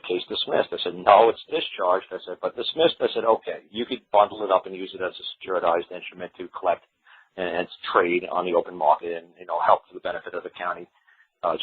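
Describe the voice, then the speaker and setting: A husky man with a low voice, rattling off a story at a quick clip and acting out each quoted person. The sound is narrow and lo-fi, like a phone line on radio. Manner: animated retelling, acts out quotes of others. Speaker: radio show speaker. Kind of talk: storytelling on a radio call-in show.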